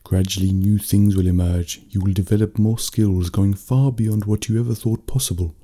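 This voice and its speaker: A man voicing a calm, wise mentor who encourages children, in a bedtime story. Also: fairly low pitch, normal speed, close to an everyday voice.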